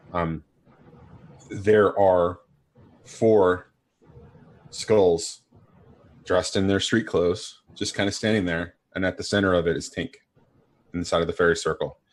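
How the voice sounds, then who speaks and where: Male game master, very low husky voice, unhurried scene narration. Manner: descriptive, unhurried scene-setting.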